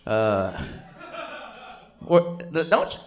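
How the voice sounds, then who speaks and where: A man's voice: on the low side, sing-song, drawn-out words. A man doing profane stand-up crowd work on a comedy stage, teasing audience members.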